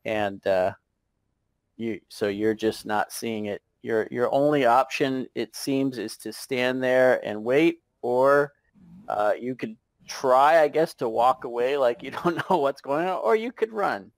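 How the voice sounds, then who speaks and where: A man narrating a tabletop game as game master, unhurried and hesitant with many fillers. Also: mid-range voice, no room sound.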